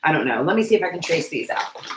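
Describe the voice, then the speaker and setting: A woman's voice: deep voice, big pitch swings, fast talker, roomy sound, background noise. A woman chatting casually and rambling to viewers while she crafts on a livestream. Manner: chatty, rambling, self-deprecating, talks to viewers and pets.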